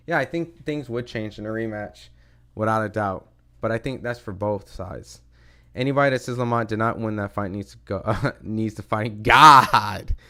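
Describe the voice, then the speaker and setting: A man hosting a boxing talk livestream, chatting loosely with many fillers and reading viewer comments aloud. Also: fairly low pitch. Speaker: boxing show host reading live chat. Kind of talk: casual livestream chat.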